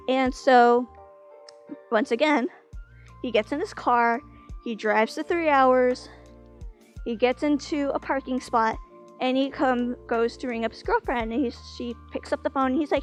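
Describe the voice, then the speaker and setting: A woman's voice: high voice, unhurried, pauses often, soft background music. A woman casually telling a long joke, rambling with many fillers and restarts. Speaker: vlogger.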